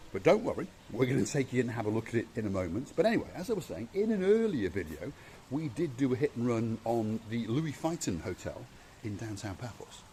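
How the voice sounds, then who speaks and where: A man's voice: medium pitch, mellow, slight background noise. Chatty man giving a hotel tour. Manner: chatty, playful, theatrical. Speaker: vlog host. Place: outdoors and indoors at a hotel.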